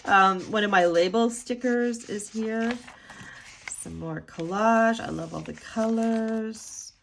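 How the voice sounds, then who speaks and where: A woman's voice: a little high, slow, creaky, slight background noise. A woman talking casually and chattily as she flips through a handmade art journal, with a sing-song lilt and many ums. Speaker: art journal maker showing her work. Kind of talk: casual flip-through commentary.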